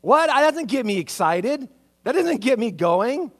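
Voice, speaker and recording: A male pastor delivering a sermon in a conversational, animated way, often asking listeners rhetorical questions. His voice sits high and swings widely in pitch as he acts out reactions. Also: a little slow. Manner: conversational, full of rhetorical questions and tag "right?".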